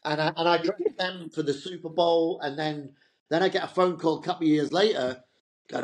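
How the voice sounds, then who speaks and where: A man's voice: a little high, fairly quick. A middle-aged man, a fashion entrepreneur as an interview guest, telling loose, rambling stories in a chatty way. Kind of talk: casual anecdotal interview talk.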